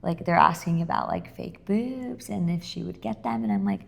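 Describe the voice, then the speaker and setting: A woman's voice: lowish voice, very animated, normal speed, gravelly. A young woman co-hosting a casual podcast, chatting animatedly, swearing and acting out quotes as she recaps a reality show. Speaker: podcast co-host.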